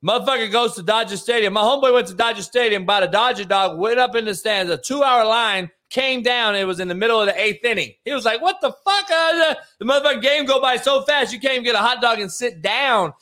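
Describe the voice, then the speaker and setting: A man's voice: sits high, quick pace, few pauses, sharp tone. Brash, profane man hosting sports debate. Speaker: show host.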